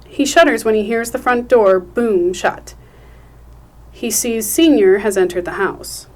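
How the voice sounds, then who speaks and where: A woman hosting a podcast, chatting and reading stage directions in a friendly, clear way. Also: a little high, measured pace. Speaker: podcast host.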